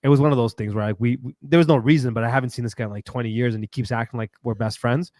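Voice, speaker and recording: A man co-hosting a casual chat, relaxed and joking, reacting to stories. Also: medium pitch, very fast, no room sound, clean studio sound.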